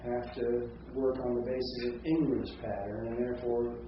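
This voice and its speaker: A man's voice: medium pitch, little pitch movement, normal speed, far from the mic, background noise. Lecturing man in an echoey classroom. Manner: conversational, with frequent tag questions. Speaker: seminary professor. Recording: echoey lo-fi classroom recording from afar.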